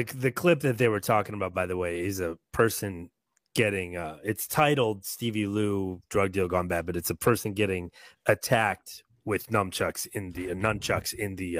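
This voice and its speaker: Low-voiced man making dry asides. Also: normal speed, a bit bright, dry recording. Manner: dry, matter-of-fact asides. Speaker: podcast co-host. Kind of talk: casual podcast chat.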